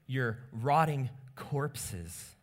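A man in a sermon acting out a stern male teacher who scolds self-righteous listeners with mocking rhetorical questions, in a higher voice. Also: lively intonation, very slow. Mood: condemning.

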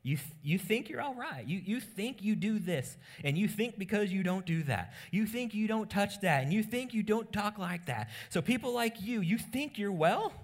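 Man voicing a stern male teacher rebuking the proud, raised pitch, mocking rhetorical questions, scolding and pointed. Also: lively intonation, normal speed, hardly any pauses. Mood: mocking rebuke.

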